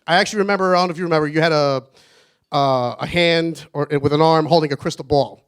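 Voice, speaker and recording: Nervous high-voiced man toasting his brother. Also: quick pace, smooth. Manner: nervous, rambling storytelling with frequent laughs. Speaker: groom's brother giving a toast. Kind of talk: wedding toast speech. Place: wedding reception.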